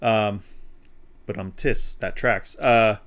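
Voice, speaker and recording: A man's voice: on the low side, steady tone, slow, fairly bright tone, clear, resonant tone. A man co-hosting a live-streamed talk show, chatting in an easygoing way and laughing often. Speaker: podcast co-host. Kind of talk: casual chat.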